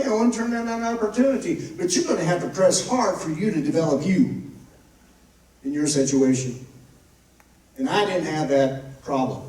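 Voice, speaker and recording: A male pastor preaches with emphatic repetition, his voice set a little high for a man. He is heard from a distance in a roomy church hall, and the sound carries a clear echo. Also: darkish tone, slight background noise. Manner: emphatic and repetitive, building to fervent. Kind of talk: sermon.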